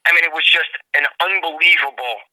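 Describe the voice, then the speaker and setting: A man's voice: fairly high pitch, a little fast, sharp tone, no echo, poor audio. A man telling a story as an interview guest, gushing and enthusiastic, often repeating and restarting words. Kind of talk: excited storytelling in a radio interview.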